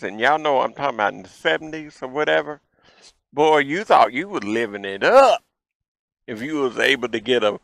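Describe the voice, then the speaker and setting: A man in his fifties hosting a show, telling childhood stories in a folksy, animated way. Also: mid-range voice, creaky, no room sound, low-quality recording. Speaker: show host. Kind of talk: storytelling childhood memories.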